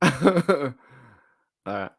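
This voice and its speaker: A man's voice: a little high, big pitch swings, extremely slow, creaky, dry recording, studio quality. An Australian man hosting a casual livestream, chatting, laughing often and reading out viewer comments. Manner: chatty, laughs often, reads chat aloud. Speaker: livestream host.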